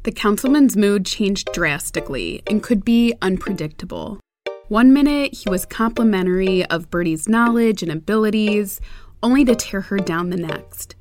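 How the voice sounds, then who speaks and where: A woman narrator reading a scripted story in a measured, even way. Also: mid-range voice, soft background music.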